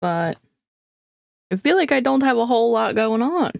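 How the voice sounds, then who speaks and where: A woman's voice: a little high, big pitch swings, normal speed, creaky, no room sound. A woman chatting casually through a crafting vlog, talking to viewers with dramatic, squeamish groans and frequent laughs. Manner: chatty, self-deprecating, laughs often. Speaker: craft vlogger.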